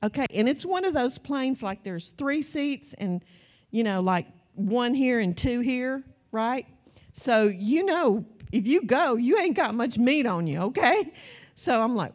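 A middle-aged woman pastor, preaching a sermon with stories, swinging from low asides to loud exclamations. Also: animated, normal speed. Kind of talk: sermon with storytelling.

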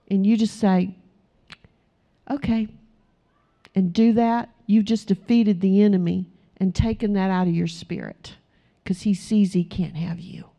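A woman preaches an earnest sermon to her congregation, exhorting them and acting out short quoted prayers as she goes. Her voice is medium-pitched and mellow.

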